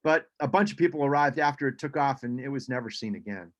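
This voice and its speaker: A man's voice: mid-range voice, lively intonation, fast. A man giving a casual birding presentation over a video call, chatty, with frequent ums and restarts.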